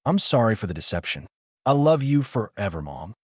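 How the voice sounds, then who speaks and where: A man voicing a loving mother reading her apologetic farewell letter, in a dry, lowish voice. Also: big pitch swings, a little fast, husky, no room sound.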